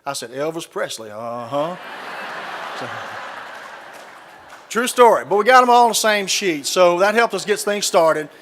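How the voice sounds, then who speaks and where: A man's voice: high-pitched, expressive, moderate pace, long pauses, a bit bright, slight background noise. A middle-aged man with a Southern US accent telling folksy stories with dry punchlines to a live audience. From Southern United States. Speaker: keynote speaker. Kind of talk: speech with humorous anecdotes. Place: large conference hall, live audience. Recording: reverberant hall.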